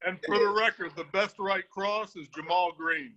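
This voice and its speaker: Bright, joking man telling old stories. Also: sits high, rough recording. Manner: joking storyteller, blunt and profane. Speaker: former football staff member. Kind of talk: casual group video chat.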